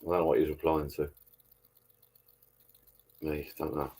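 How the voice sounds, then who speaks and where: A man's voice: a bass voice, level tone, a little slow, dark tone. A middle-aged man hosting a casual live stream, rambling on and reading out viewer comments.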